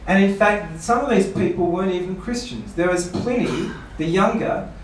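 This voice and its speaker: Man preaching a seminar talk in a big echoey hall, mic set well back, fairly high voice. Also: normal speed, slight background noise. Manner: rhetorical questions, playful mock quotes. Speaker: pastor. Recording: echoey room, voice from far off.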